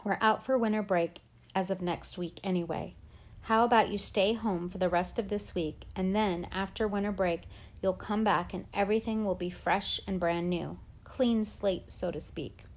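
A woman reading the lines of a calm, kindly middle-aged male school principal in a book read aloud, in a gentle and reasonable tone. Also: mid-range voice, moderate pace, lightly acted. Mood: reassuring.

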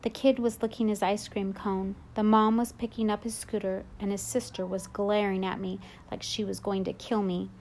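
A woman reads a storybook aloud in the first person, confiding and reflective. Her voice sits at a middle pitch, with a faint hiss behind it. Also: flat delivery, normal speed, few pauses, a little mellow. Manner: confiding, reflective boy's point of view. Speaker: audiobook narrator.

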